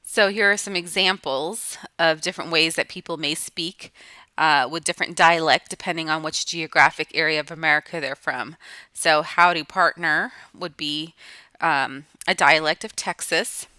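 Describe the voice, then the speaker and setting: A woman's voice: low voice, steady tone, normal speed, bright, forceful tone, no echo. A woman teacher giving a recorded lesson to students, explaining patiently and restating each point.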